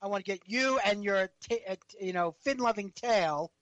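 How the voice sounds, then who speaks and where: High-voiced teasing man, dull sound. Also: brisk, a bit bright, no room sound. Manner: teasing, goading. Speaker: podcast co-host. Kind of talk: casual radio chat.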